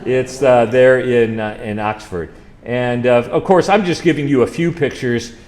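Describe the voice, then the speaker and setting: A man's voice: medium pitch, measured pace, a little mellow, slight background noise. A man, a college chaplain, telling stories over slides and quizzing a live audience in a chatty way. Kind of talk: slide-show trip presentation.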